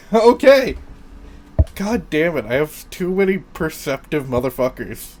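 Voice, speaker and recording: Slow, casual game master man. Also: a little high, very animated, a little mellow, slight background noise. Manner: casual, laughs often and swears freely. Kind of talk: narrating a tabletop game.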